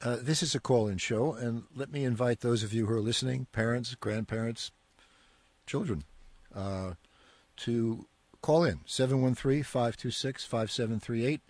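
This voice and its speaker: A man's voice: mid-range voice, moderate pace, darkish tone, no echo. Man, call-in show host, hesitant, fillers, dry sound. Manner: hesitant, many fillers and repeats. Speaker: radio call-in show host, physics professor. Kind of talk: radio call-in talk.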